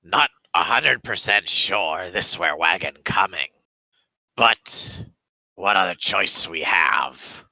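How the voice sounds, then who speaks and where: A man's voice: low voice, lively intonation, takes it slowly, creaky, bright, forceful tone, dry recording, full character voice, poor audio. A man voicing a male lizardfolk adventurer who speaks in blunt, broken phrases.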